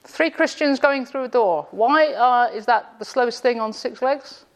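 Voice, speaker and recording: Speaking at a moderate pace, a female lecturer with a slightly high voice quizzes a live group indoors. She teases them with sarcastic questions and works jokes into her classroom talk.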